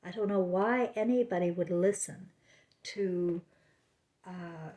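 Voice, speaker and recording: A woman's voice: lowish voice, takes it slowly, mellow. A woman vlogging at home, talking in a meandering way with many fillers and restarts. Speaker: spiritual vlogger. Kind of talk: rambling casual monologue. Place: home, living room. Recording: roomy echo.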